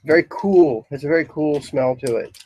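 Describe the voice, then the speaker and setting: A man giving a casual, rambling talk on incense in a shop, describing scents with many pauses. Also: a little high, darkish tone, slight background noise, low-quality recording. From Philadelphia area, US. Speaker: incense store lecturer. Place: shop, indoors.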